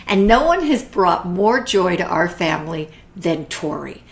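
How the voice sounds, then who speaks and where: A middle-aged woman hosting a live online art class, chatty and warm with viewers, greeting them by name and often restarting her sentences. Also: lowish voice, animated, unhurried, vocal fry. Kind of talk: live-streamed casual art talk.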